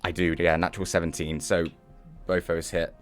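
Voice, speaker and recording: A British man playing a tabletop game, excitable and laughing as he rolls dice. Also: sits low, normal speed, soft background music. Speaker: player. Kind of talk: casual tabletop play.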